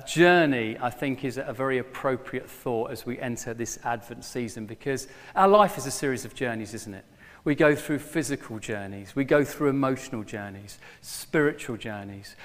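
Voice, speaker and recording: A middle-aged man preaching a sermon to his former church, telling a story with lively bursts when he plays a character. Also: medium pitch. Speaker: former pastor, guest preacher. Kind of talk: sermon with a joke. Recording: long hall reverb.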